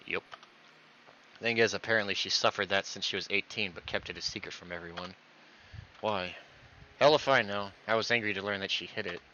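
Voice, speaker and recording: A man's voice: low-pitched, pushed and bright, a little hiss or hum. A man reading visual novel dialogue aloud, voicing every character himself and acting out the stammers. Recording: dull lo-fi recording.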